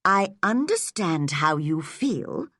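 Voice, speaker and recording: A woman's voice: low voice, sing-song, a bit bright, no echo, studio quality, full character voice. Woman doing a stern but kind farm woman. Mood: firm. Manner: firm, measured.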